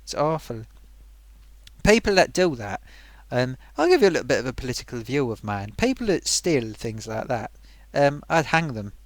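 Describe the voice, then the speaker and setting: A man's voice: mid-range voice, very animated, moderate pace, no echo. A man hosting a live stream, chatting casually and rambling, laughing often. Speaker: livestream host.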